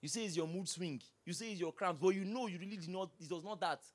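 A man with a Nigerian accent, a pastor preaching a sermon, lively and humorous, asking the congregation question after question. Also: sits high, quick pace. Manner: animated preaching with humor and repeated rhetorical questions.

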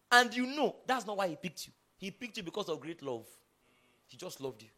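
A man preaching a sermon, emphatic and often checking in with the congregation, rising to loud bursts and dropping low again. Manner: builds to loud bursts, then drops low and quiet.

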